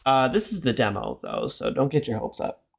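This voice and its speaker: A man's voice: medium pitch, wildly swooping pitch, moderate pace, gravelly, breathy edge. A young man streaming a horror game live, joking and rambling as he reads the game's text aloud. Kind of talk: live gameplay commentary.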